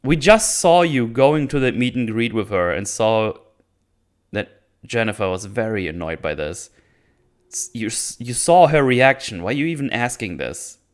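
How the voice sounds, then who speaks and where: A man's voice: medium pitch, animated, moderate pace. A man hosting a casual episode recap, blunt and sarcastic, swearing and restarting his sentences. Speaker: YouTube show host.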